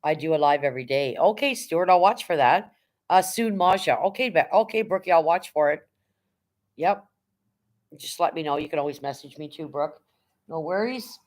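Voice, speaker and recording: A woman's voice: deep voice, lively intonation, normal speed, darkish tone. A middle-aged woman hosting a casual livestream, rambling about her past jobs and greeting viewers by name, blunt and now and then swearing. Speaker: livestream host.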